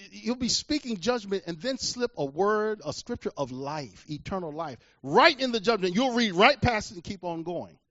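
High, dramatic preacher man. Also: no room sound, highs cut off. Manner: dramatic, swings from hushed to shouting. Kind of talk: sermon.

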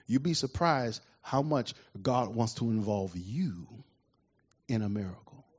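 A man preaching a sermon in an animated way, often asking the congregation questions, with a husky voice. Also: medium pitch, unhurried. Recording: dull lo-fi recording.

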